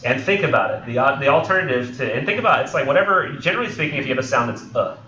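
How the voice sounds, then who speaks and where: A man's voice: medium pitch, expressive, racing, bright, forceful tone. Young male instructor, loose and joking, lots of ums, taped from across an echoey classroom. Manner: rambling, joking, many ums and self-corrections. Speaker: college English instructor. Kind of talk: classroom lecture. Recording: roomy, distant, dull lo-fi classroom recording.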